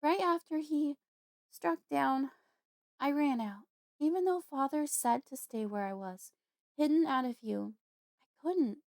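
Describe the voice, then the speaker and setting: A woman putting on a small, scared girl's voice, high and pleading, always close to tears. She sounds haunted and fragile in this audiobook scene. The recording is dry and close, with no room sound. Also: measured pace, vocal fry, pauses often, a little mellow, dry recording. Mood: anxious. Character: young half-human girl, frightened and haunted.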